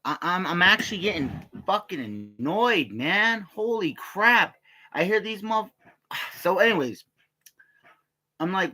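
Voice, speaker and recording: Brief: male vlogger, high bright voice, rambling profane rant. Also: lively intonation, a little slow. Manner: profane, rambling, repeats himself. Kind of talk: casual rant to camera.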